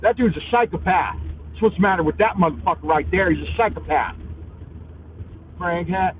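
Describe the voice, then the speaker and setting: A man's voice: sits high, moderate pace. Foul-mouthed man ranting while driving. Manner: loud, crude, cursing, combative with other drivers. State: highly caffeinated. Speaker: vlogger, live-stream host. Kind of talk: profane driving rant on a live stream. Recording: tinny, phone-like with faint vehicle noise.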